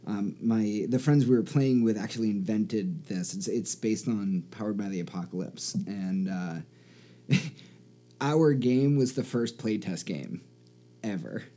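Easygoing man with a warm, dark voice. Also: fairly low pitch, measured pace. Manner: easygoing, laughs readily. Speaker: podcast co-host. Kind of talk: casual chat.

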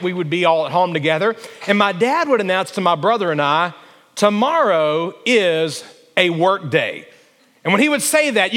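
A man's voice: sits high, a bit bright. A young man from Alabama, preaching a sermon and telling stories while calling for responses from the congregation. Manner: storytelling, calls for congregation response. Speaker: pastor. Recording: long reverb of a church hall.

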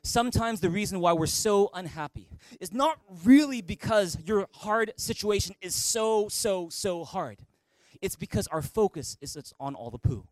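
A middle-aged man preaching a sermon as pastor, telling stories with playful humor and quick repetitions. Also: sits high, expressive, no room sound. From Canada. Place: large church hall.

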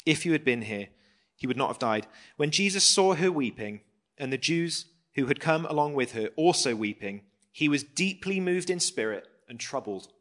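A man's voice: on the high side, expressive, normal speed, a bit bright. A man giving a conversational Bible study sermon, reading scripture and then explaining it casually with questions to the audience. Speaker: preacher.

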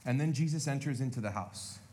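A pastor preaching a conversational sermon, speaking to the congregation directly and animatedly. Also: male voice, medium pitch, a little fast, mellow.

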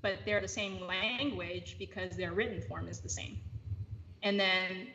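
A woman speaking casually as a podcast guest, explaining ideas with frequent fillers and restarts, picking up energy in animated bursts. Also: mid-range voice, a little slow. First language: English. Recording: slightly dull lo-fi audio with faint background hiss.

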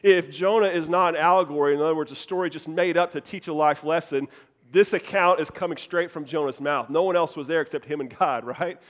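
Youth pastor, male, 30s, lively storytelling preacher, a touch higher pitched than most men. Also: a little fast. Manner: animated storytelling, laughs at himself. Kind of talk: sermon with personal story.

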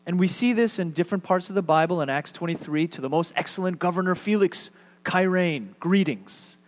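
A man's voice: sits high, brisk. A man preaching a sermon as pastor, speaking conversationally and leading his congregation in call-and-response. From Texas. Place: church sanctuary. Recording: reverberant hall.

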